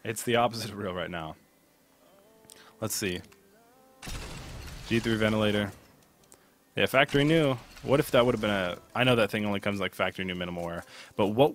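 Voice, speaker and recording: A man hosting a gaming channel, chatting casually as he opens game cases, excitable and swearing with loud bursts of disbelief. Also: fairly low pitch, a little fast, pauses often. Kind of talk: casual live commentary while opening game cases.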